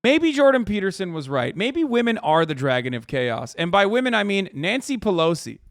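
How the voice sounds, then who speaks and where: A man's voice: high voice, sing-song, moderate pace, a bit bright, dry recording, studio quality. A man in his thirties, a live streamer, ranting sarcastically with heavy swearing in casual commentary.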